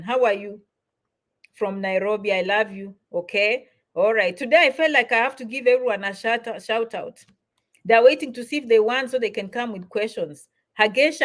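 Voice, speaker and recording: A middle-aged woman hosting a live stream, chatting warmly with viewers and giving immigration advice. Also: fairly high pitch. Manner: warm, repetitive shout-outs, chatty.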